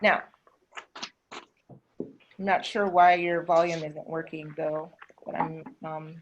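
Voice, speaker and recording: Woman, Southern American accent, online English teacher, patient drawn-out explaining, low-ish voice, video call. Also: steady tone, dull audio, a little hiss or hum. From southern United States. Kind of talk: online class instruction.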